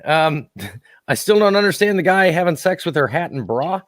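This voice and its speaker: A man's voice: fairly high pitch, lively intonation, a little slow. A man co-hosting a podcast, leading the talk casually and laughing often. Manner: laughs often, steers the discussion. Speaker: podcast co-host. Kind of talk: casual comedic chat.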